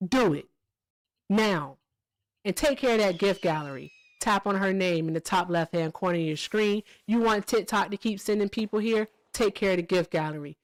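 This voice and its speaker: A woman hosting a casual live stream, blunt and emphatic. She talks at a middling pitch and swears freely. She keeps punctuating her points with "all right?" and "okay?". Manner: blunt and profane. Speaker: livestream host. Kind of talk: casual livestream chat and commentary.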